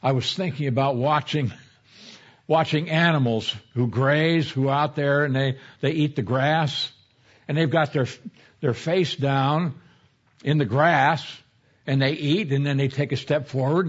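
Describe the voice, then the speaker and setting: A man's voice: fairly high pitch, normal speed, breathy edge, dull audio. A man preaching an expository sermon in a conversational teaching manner, mixing scripture explanation with personal anecdotes. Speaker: pastor.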